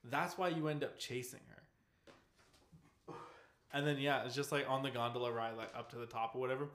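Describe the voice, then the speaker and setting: A man's voice: medium pitch, fairly even intonation, normal speed, a bit bright, roomy sound. A man in casual gaming chat, rambling as he retells scenes and acts out game characters, swearing freely.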